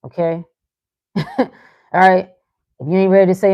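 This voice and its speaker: A woman's voice: on the low side, steady tone, unhurried, no echo, muffled recording. A woman hosting a live motivational talk, speaking frankly and profanely, teasing her listeners with short laughs as she reads their comments. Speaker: livestream host reading chat.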